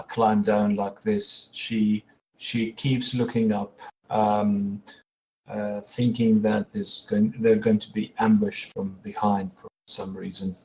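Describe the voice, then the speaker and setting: A man playing a tabletop game, describing his character in a slow, halting way. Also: lowish voice, a little mellow, slight background noise, poor audio. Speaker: player.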